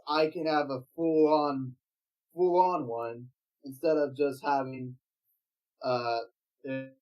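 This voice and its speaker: A man from Wales, chatting casually as a guest streamer in an easygoing, halting way. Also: a little high, darkish tone, lo-fi sound.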